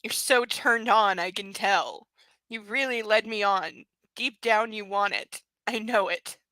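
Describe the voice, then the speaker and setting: Leering drunk male boss, slow, menacing, bright voice, dry close sound, read by a woman. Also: mid-range voice, no room sound, low-quality recording.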